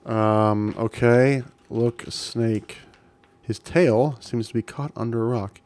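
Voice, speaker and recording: Slow-talking man streaming a retro game. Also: mid-range voice, fairly even intonation, darkish tone. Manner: amused, reads game text aloud, chuckles often. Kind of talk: casual gameplay commentary.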